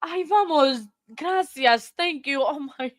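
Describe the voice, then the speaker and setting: A woman hosting a casual live stream, chatting in a rambling way with frequent restarts and thanking viewers warmly. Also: sits high, animated, slow, no room sound. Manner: effusive, thanks viewers often.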